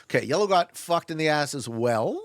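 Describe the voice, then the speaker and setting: A young man chats casually while streaming a strategy game, cracking jokes and laughing as he reads and answers his chat. His voice sits a little high and swings widely in pitch. The sound is dry and close, with no room around it. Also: animated, normal speed, no room sound. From Canada.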